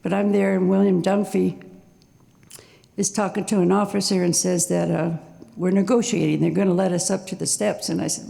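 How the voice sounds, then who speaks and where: A woman in her sixties telling her own story on stage at a live storytelling night, nervous and halting, with small laughs. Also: on the low side, flat delivery, gravelly, dark tone, in a large hall.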